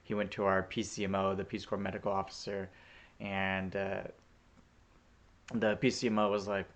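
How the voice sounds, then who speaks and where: A man's voice: sits low, little pitch movement, normal speed, a bit bright. A man casually telling a story about his volunteer days to a vlog audience, chatty and easygoing with plenty of fillers. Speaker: returned Peace Corps volunteer.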